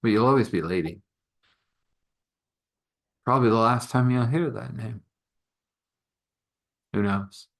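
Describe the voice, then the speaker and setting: A man's voice: medium pitch, unhurried, vocal fry, long pauses. A man voicing an easygoing, wry male woodchopper in a spoken story, close to his own voice.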